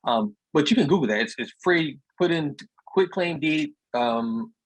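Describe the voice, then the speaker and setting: Husky man telling property stories. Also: on the high side, expressive, measured pace, no echo, poor audio. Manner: storytelling, plainspoken, repeats words. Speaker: real estate investor speaker. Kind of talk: casual talk on a video meetup.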